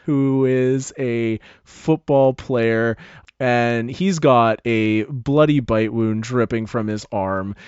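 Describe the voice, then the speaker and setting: A man's voice: mid-range voice, takes it slowly, darkish tone, clear, resonant tone, no echo, dull audio. Laid-back male dungeon master. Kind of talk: narrating a tabletop game.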